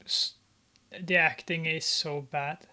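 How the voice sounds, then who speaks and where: A man with a fairly high voice talks over a movie at an unhurried pace. His commentary is casual and sarcastic, mocking what he sees with plenty of hesitant "uh" fillers. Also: steady tone, pushed and bright. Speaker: movie reviewer.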